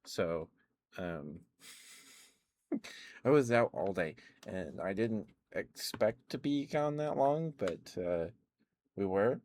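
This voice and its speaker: Man, very low voice, worn out, rambling ASMR chat, close mic, faint hiss. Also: lively intonation, takes it slowly, pauses often. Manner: soft, rambling, chuckling often. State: worn out and tired. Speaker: ASMR streamer. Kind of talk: sleepy ASMR chat to live viewers.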